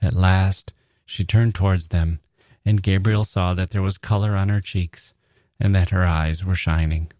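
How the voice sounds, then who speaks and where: A man hosting a podcast, reading a story in a measured, reflective way and commenting on it. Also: low-pitched, steady tone, dark tone, no echo. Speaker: podcast host.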